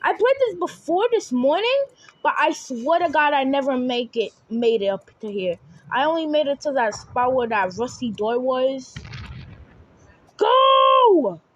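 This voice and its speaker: A young woman recording herself playing a game, talking to viewers and shouting and screaming as she plays. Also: sits high, big pitch swings, a little slow, lo-fi sound. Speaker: gaming video creator. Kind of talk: live gameplay commentary. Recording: faint background noise.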